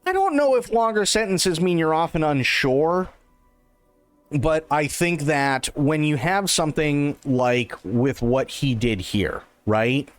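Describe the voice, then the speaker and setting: A man's voice: a little high, lively intonation, slow pace, dry recording, faint music behind. A man hosting a livestream, giving casual reaction commentary, repeating himself and stumbling over restarts. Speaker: livestream host reacting to an interview.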